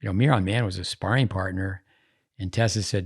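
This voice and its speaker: A man with a low, gravelly voice talks casually on a podcast as host. He rambles from story to story in an easygoing, digressive way. His tone stays conversational rather than polished. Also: steady tone, fairly quick.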